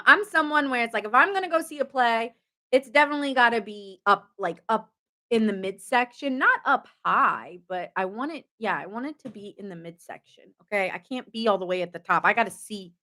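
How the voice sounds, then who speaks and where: A woman's voice: fairly high pitch, bright, forceful tone. A woman giving a casual late-night tarot reading, chatty and goofy, joking often. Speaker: tarot reader.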